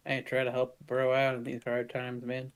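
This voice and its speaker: A man voicing a crude male fishman thug who talks gruff street slang. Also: medium pitch, monotone, fairly quick, lightly acted.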